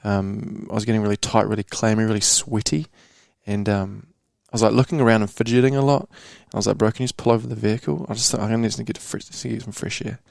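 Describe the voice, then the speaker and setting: A man's voice: lowish voice, steady tone, fast, vocal fry, few pauses, no room sound, studio quality. A young man from New Zealand telling a candid personal story on a casual podcast, slangy and swearing, calling the host bro. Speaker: podcast guest.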